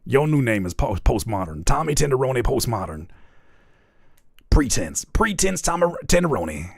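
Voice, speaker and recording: On his live music-review stream, a man jokes, roasts, and critiques in profane, playful language packed with wordplay, his pitch leaping around in a sing-song way. His voice is creaky and slightly rough at a moderate pace. The recording is dry and close, with almost no room sound and no echo.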